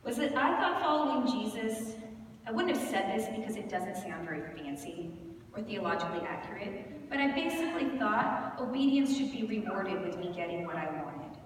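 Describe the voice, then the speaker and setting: A woman in her thirties giving a candid, animated storytelling sermon at a conference, often laughing as she talks. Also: medium pitch, moderate pace. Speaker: conference speaker. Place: large conference hall. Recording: echoey hall from far off, noisy.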